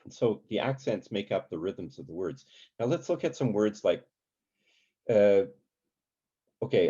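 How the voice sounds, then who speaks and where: Relaxed man teaching songwriting, halting. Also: fairly low pitch, breathy edge, lo-fi sound. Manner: relaxed, halting, many ums, sings short examples. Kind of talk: community workshop lesson.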